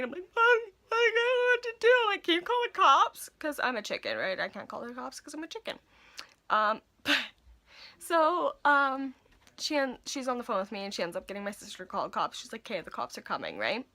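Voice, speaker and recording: A woman in her twenties telling a casual storytime vlog, animated and full of "like". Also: a little high. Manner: animated, filler-heavy storytelling with lots of "like". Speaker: vlogger.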